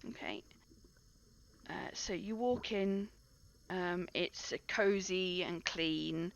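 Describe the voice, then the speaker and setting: A woman narrating a tabletop game as game master, describing scenes in a relaxed way with many fillers. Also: lowish voice, slow, vocal fry. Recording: muffled dry recording.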